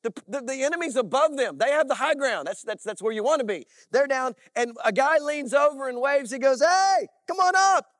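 A male pastor preaching a sermon, telling stories in an animated way and often checking in with "all right?". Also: very high-pitched, brisk, few pauses, no echo. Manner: animated storytelling with frequent "all right?" asides.

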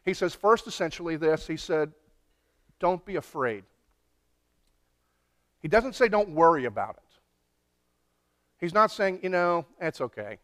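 A man's voice: a little high, lively intonation, normal speed, a bit bright. A pastor preaching a conversational sermon, often repeating words as he searches for the phrasing.

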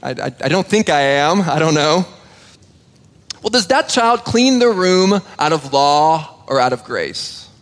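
A man's voice: fairly high pitch, very animated, unhurried. A man preaching a sermon in a conversational way, often restarting words and acting out little dialogues. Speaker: pastor. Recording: long hall reverb.

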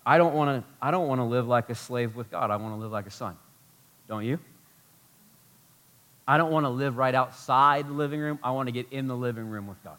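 A man preaching a sermon as pastor, animated and emphatic, full of rhetorical questions. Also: mid-range voice, moderate pace, pauses often.

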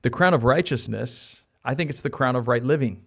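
A middle-aged American man preaches a sermon. He sits in a mid range for a man's voice, and he is animated, joking with the congregation and repeating short phrases to drive each point home. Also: medium pitch, fairly quick, creaky. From United States. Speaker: pastor.

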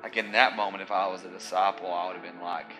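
A man preaching a sermon in a conversational, animated way, mixing scripture with casual asides. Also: deep voice, fast, faint music behind, poor audio.

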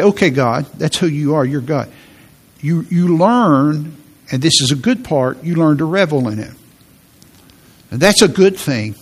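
A middle-aged man preaching a sermon as pastor, earnest, often repeating phrases and slowing down for emphasis. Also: fairly high pitch, slightly rough.

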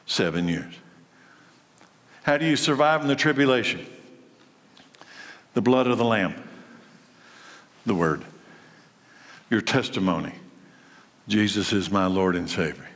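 A man preaching a sermon, his delivery lively and swinging between loud and soft. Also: on the low side, a little slow, pauses often. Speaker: pastor. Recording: long hall reverb.

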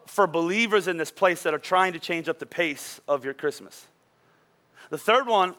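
Bright-voiced animated male pastor. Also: on the high side. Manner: animated, self-deprecating storytelling. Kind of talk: sermon with storytelling. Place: church auditorium.

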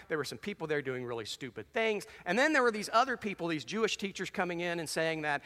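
A male pastor delivers an animated sermon, mixing jokes with dramatic scripture reading. His voice is bright and sits a little high. The sound rings with the long reverb of a big sanctuary. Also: fast, hardly any pauses. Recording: long reverb of a large hall.

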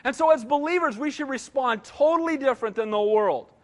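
A pastor in his sixties preaches emphatically, often asking his congregation "Amen?" His voice is extremely high and fairly quick, ringing with the long reverb of a large hall.

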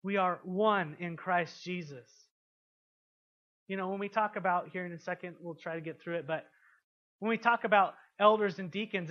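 A man preaching a sermon to a congregation. He asks them questions and swings from quiet, intimate passages to loud, emphatic ones. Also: high-pitched, normal speed, highs cut off. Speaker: pastor.

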